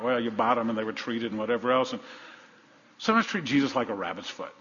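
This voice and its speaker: A man preaching a sermon as pastor, dramatic, swinging between hushed and loud delivery. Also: mid-range voice, lively intonation, fast, a little hiss or hum. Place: church sanctuary. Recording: dull, long-reverb church hall.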